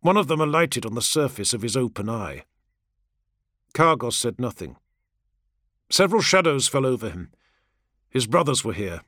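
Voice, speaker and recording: A man reading a grim war audiobook in dramatic, expressive scripted narration. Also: medium pitch, normal speed, pauses often, no room sound, clean studio sound.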